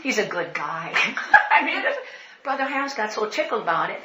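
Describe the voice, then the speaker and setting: A woman's voice: mid-range voice, very animated, normal speed, bright, forceful tone. An older woman telling funny church stories at a women's conference, laughing often and acting out the voices of people she quotes. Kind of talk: storytelling talk with humor. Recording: echoey hall, faint noise.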